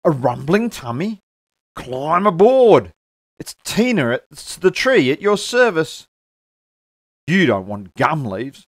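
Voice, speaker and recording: Tina the tree is a keen, bouncy female tree who can't stop offering help, all bright exclamations and big swoops in pitch, as a man reading a storybook puts her on. The voice sits well above a man's usual talk, dry and close. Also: expressive, unhurried, no room sound, natural voice. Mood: eager. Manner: bright, bouncy, exclaiming, puffs when tired. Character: eager helpful female tree, overkeen.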